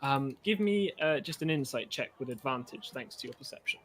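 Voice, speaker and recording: A man's voice: mid-range voice, expressive, a little fast, a bit bright, slight background noise. A man narrating as game master for a tabletop game, rambling with many fillers.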